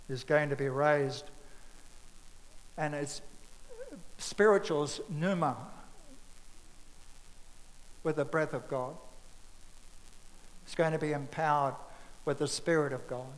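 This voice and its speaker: Guy giving a chatty sermon, kinda high voice, long church echo. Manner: conversational, acts out scripture dialogue in asides. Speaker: preacher.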